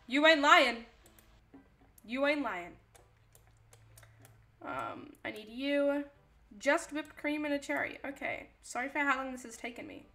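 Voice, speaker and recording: A woman's voice: high-pitched, very animated, measured pace, long pauses, a bit bright. A young woman streaming a game, chatting casually to herself and reading chat aloud. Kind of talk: casual live-stream chatter while playing a cooking game.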